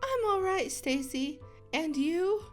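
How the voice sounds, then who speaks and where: A woman reading the lines of a tired, withdrawn young student roommate in a story game, in a flat, evasive way. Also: extremely high pitch, slow, faint music behind, pitched above the performer's own voice, full character voice.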